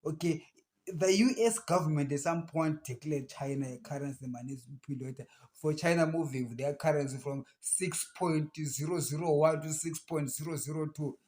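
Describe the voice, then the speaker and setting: A man's voice: fairly high pitch, fairly quick. A man with a Zimbabwean accent who stammers, giving emphatic casual commentary to his channel's viewers. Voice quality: stammers, with blocks and restarts. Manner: emphatic, rising to animated outbursts. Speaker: channel host.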